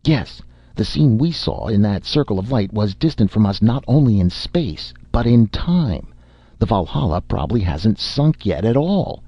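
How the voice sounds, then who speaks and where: A man's voice: on the low side, big pitch swings, moderate pace, no echo, muffled recording, pitched above the performer's own voice. A man voicing an anxious, driven young male scientist who stammers when upset, in a storybook reading. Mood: excitedly explaining.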